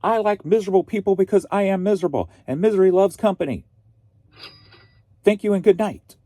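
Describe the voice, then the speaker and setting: A man mimicking a miserable, self-pitying male commenter in a fast, mocking voice. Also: high-pitched, expressive, mellow, no room sound, studio quality, pitched above the performer's own voice.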